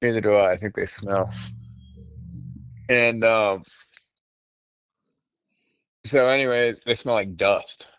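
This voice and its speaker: A man's voice: on the low side, slow pace, long pauses, clean tone, no room sound, dull audio. A man co-hosting a comedy podcast in a casual, crude, joking chat. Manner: crude, joking, lively impressions. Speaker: podcast co-host.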